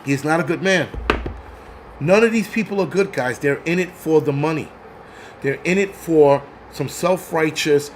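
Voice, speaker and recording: High-voiced man ranting profanely. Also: a little hiss or hum. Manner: profane, heated ranting with stammered restarts. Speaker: channel host. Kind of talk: live-streamed rant.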